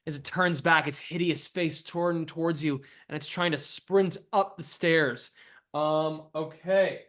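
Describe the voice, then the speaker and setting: A man's voice: fairly high pitch, fairly even intonation, fairly bright tone. A man running a tabletop game as dungeon master, casual and playful in his narration. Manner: casual, playful, fast asides.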